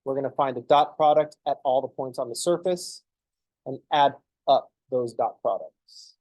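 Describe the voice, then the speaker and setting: A man's voice: mid-range voice, moderate pace, a little mellow, no room sound. A man, a math professor, lecturing a class in a joking, conversational way. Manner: joking, conversational, acts out students' thinking noises.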